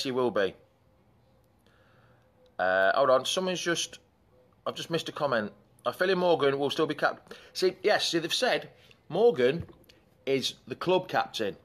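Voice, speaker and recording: A man's voice: mid-range voice, a bit bright. A man hosting a live fan chat show in a chatty, rambling way, breaking off to greet commenters.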